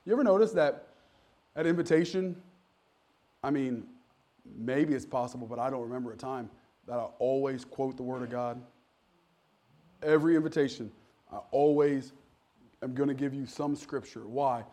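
A man's voice: mid-range voice, normal speed, pauses often, dark tone. A middle-aged man preaching a sermon as pastor, folksy and joking, building to emphatic preaching. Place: church.

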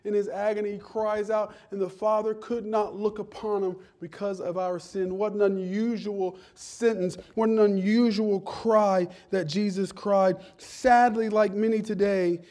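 A man preaching with a fairly high voice. He drops to a near hush, then rises into loud, impassioned cries. He leans on dramatic pauses between phrases. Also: fairly even intonation. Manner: swings from hushed lows to loud cries. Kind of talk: sermon.

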